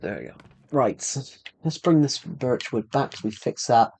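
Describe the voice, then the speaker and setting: A man's voice: mid-range voice, big pitch swings, unhurried, gravelly, a little mellow, a little hiss or hum. A young man chatting casually on a live stream while he plays, rambling, stumbling over words and poking fun at himself. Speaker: livestreamer.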